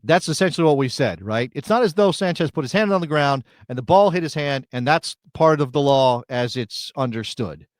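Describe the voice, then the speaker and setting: Measured sports talk co-host, dry sound. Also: male voice, fairly high pitch, no room sound. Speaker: podcast co-host. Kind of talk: sports talk show discussion.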